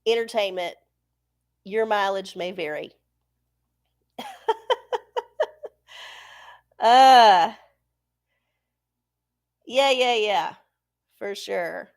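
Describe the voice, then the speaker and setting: A woman's voice: medium pitch, slow, long pauses. A woman hosting a live stream, chatting casually and profanely with her viewers and laughing often. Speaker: livestream host. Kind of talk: casual live-chat talk.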